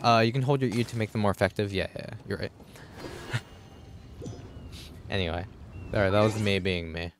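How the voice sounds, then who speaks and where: A young man streaming a game live, muttering to himself and cursing loudly at enemies. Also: on the low side, steady tone, moderate pace, pauses often. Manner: swears a lot, yells at enemies. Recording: game music behind voice.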